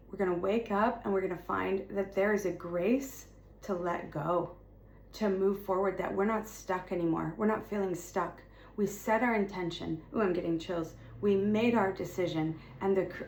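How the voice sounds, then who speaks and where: A woman's voice: mid-range voice, a little mellow. A woman speaking as a spiritual content creator, giving impassioned encouragement to her viewers in a fervent, repetitive way with emphatic declarations. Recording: roomy echo with faint ambience.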